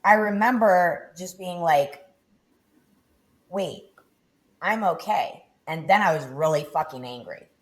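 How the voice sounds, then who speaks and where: A middle-aged woman, a podcast guest, telling her personal story with intensity and frequent swearing. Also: expressive. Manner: intense, swearing, low and deliberate.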